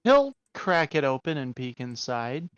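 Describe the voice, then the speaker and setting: A man playing a character in a tabletop game, speaking hesitantly and gently. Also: medium pitch, sing-song, unhurried, smooth, dry recording. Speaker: player. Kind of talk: tabletop role-play. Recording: dry, dull lo-fi mic.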